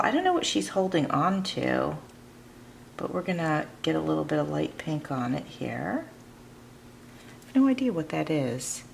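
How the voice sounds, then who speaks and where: A woman's voice: sits low, gravelly, a little hiss or hum. A woman hosting a crafting channel, chatting casually and thinking aloud to her viewers as she works in her home art studio. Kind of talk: casual crafting tutorial chat.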